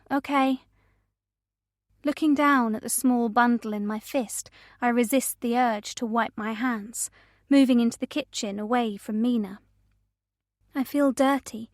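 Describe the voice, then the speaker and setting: Woman reading a thriller audiobook, fairly high voice, measured and tense, dry close sound. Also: no echo. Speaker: audiobook narrator. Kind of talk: scripted first-person thriller narration.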